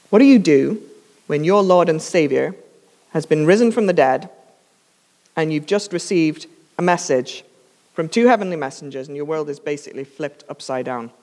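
A woman's voice: low voice, expressive, normal speed, pauses often, a little mellow, long reverb tail. A woman preacher telling a sermon story in a casual, emphatic way with humorous asides, coughing now and then from a dry throat.

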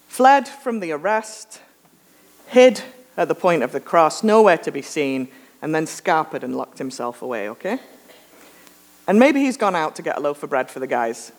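A woman preacher giving a sermon, telling a lively self-mocking anecdote with humor. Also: lowish voice. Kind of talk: storytelling sermon.

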